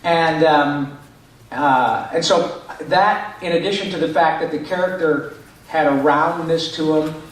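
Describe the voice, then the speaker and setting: A man, a voice actor, answering fan questions at a convention panel in an animated way, now and then slipping into character voices. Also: a little high, measured pace. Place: large echoey convention hall. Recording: echoey hall picked up from far off.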